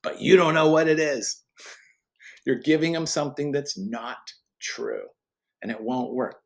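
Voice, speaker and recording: A man, a guest speaker, giving a conversational faith teaching in an earnest, emphatic way, often restarting his sentences. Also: a little high. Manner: earnest and emphatic, with frequent restarts and quick laughs.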